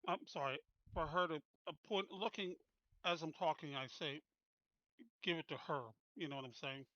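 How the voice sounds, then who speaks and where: A man's voice: fairly high pitch, moderate pace, sharp tone, no echo. A man playing a tabletop game over an online call, talking through what his character does. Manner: talks out his character's actions. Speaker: player. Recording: dull lo-fi online call audio.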